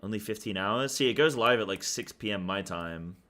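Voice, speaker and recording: Bright-toned casual male streamer. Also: fairly low pitch, brisk. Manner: talks in loose run-on thoughts with many fillers. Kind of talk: casual stream chat about a game.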